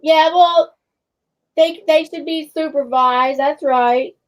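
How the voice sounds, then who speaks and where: High-voiced chatty woman host. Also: steady tone, slow. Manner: rambling storyteller, raises her voice when heated. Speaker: livestream host. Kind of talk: casual chat.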